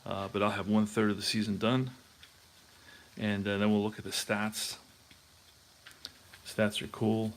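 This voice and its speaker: A man's voice: lowish voice, level tone, unhurried, pauses often, a little hiss or hum. A man hosting a tabletop baseball replay, chatting casually and thinking aloud as he checks scorebooks. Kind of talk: casual talk while playing.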